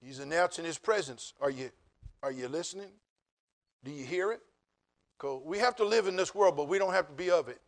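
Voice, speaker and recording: A man preaching a sermon as pastor, moving from quiet, joking asides to loud, emphatic declarations. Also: on the high side, lively intonation, brisk, long pauses. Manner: humorous, conversational storytelling.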